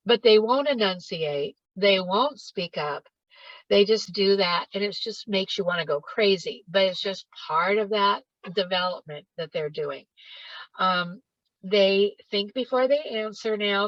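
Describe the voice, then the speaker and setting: A woman's voice: medium pitch, unhurried, a bit bright, no echo. Emphatic woman leading a parent workshop. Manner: emphatic, repeats words for stress. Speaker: parenting educator. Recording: dull lo-fi dry sound.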